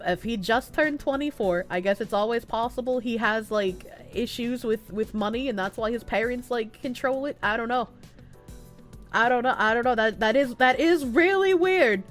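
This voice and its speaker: A young woman streamer with a stuffy nose, chatting casually and softly with her chat, giggling and swearing freely. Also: a little high. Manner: soft-spoken, not loud, giggly, swears casually. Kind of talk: casual live-stream chat, reading chat messages aloud.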